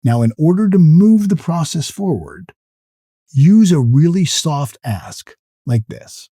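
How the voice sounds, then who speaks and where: Husky man coaching sales, lively pitch. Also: slow, no room sound, clean studio sound. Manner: emphatic, repeats key phrases, stammers on restarts. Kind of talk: spoken sales lesson.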